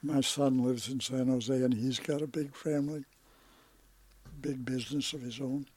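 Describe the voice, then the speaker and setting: A man in his eighties, a podcast guest in casual conversation, talking slowly with halting, trailing sentences and sounding tired. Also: medium pitch, steady tone, warm tone, slightly rough. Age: 80s.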